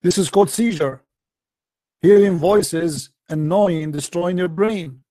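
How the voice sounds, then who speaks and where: Mocking man with a dark, dry voice. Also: high voice, takes it slowly, no echo. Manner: mocking, taunting, repetitive rhetorical questions. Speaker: online debate host. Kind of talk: confrontational live-stream debate.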